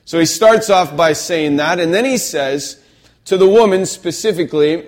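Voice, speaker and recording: Conversational preacher, slightly high voice. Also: male voice, moderate pace. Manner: conversational, checks in with "okay?". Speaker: pastor. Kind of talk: sermon.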